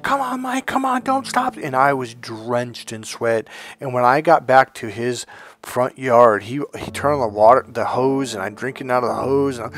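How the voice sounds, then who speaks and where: Animated man giving a motivational talk. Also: medium pitch. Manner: animated and conversational, acts out quotes. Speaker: self-help speaker. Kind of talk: motivational talk with personal stories.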